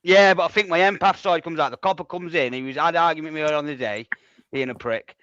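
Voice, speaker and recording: A man's voice: a little high, fairly bright tone, no room sound, muffled recording. Blunt, swearing man. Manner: blunt, swearing, quick to get heated. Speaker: panel guest. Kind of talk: casual live-stream debate.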